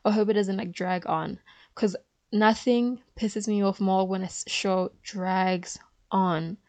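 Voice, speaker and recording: A woman's voice: mid-range voice, steady tone, slow, a little mellow, no room sound. A woman vlogging in a casual chat, chatty and opinionated, with frequent fillers.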